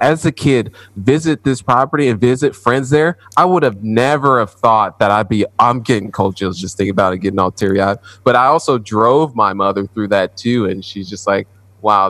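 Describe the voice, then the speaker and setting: A man's voice: fairly low pitch, a bit bright, dry recording. A man in his thirties, a guest in a casual interview, laughing easily and walking through his process step by step. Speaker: guest, apartment investor.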